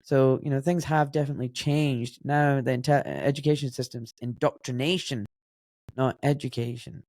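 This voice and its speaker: A man's voice: medium pitch, fairly even intonation, moderate pace, a little mellow, no room sound, clean studio sound. Blunt Glaswegian man in his forties. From Scotland. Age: 40s. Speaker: podcast guest. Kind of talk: casual interview conversation.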